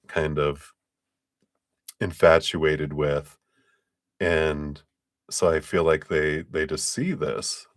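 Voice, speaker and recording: Very deep-voiced, unhurried male tarot reader. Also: no echo, clean studio sound. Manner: chatty, laughs often, speaks in loose, trailing phrases. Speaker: tarot reader on a live stream. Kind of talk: casual live tarot reading.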